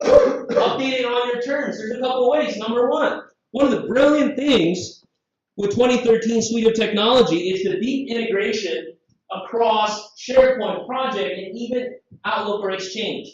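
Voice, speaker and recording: A man from Southeast Asia giving a live conference software demo, lively and jokey, full of rhetorical questions. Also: extremely high pitch, normal speed. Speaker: conference presenter. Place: conference room. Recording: very echoey, distant, dull hall sound.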